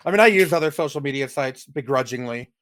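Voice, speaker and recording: A man's voice: mid-range voice, animated, fast, fairly bright tone. A man guesting on a podcast in casual chat, offhand and laid-back.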